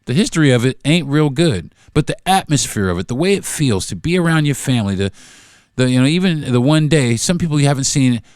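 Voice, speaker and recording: A man's voice: medium pitch, expressive, fairly quick, a little mellow, smooth, no room sound, studio quality. A man hosting a solo podcast, talking in an emphatic, repetitive, profane rant. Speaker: podcast host.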